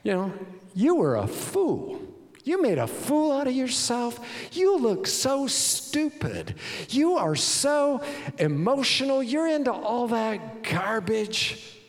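A preacher mimicking a contemptuous, sneering woman whose voice is pushed well up in pitch and rings through a big reverberant church hall. She mocks with shrill scorn. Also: sing-song, fast talker, few pauses, a little mellow, heavily acted. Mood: scornful.

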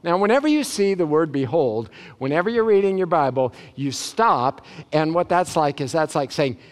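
A man preaching a sermon as a pastor, animated and emphatic, with sudden loud bursts. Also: a little high, normal speed.

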